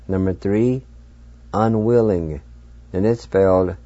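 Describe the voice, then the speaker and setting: A man hosting a radio language lesson, patiently spelling out words letter by letter and pronouncing each one slowly. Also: sits low, dark tone, no echo, muffled recording. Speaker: radio language teacher and host.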